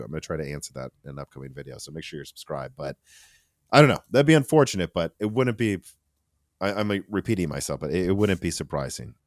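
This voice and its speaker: A man hosting a casual tech podcast, talking in an animated, rambling way with restarts and asides. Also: sits low, no echo, studio quality. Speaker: podcast host.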